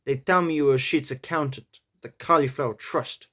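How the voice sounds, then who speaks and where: A man's voice: mid-range voice, fairly even intonation, sharp tone, close to an everyday voice. A man doing a gangster-style New York accent, reading play lines carefully and stressing each T. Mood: tough. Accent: New York (imitated). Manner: deliberate, stressing each T with the tongue tip.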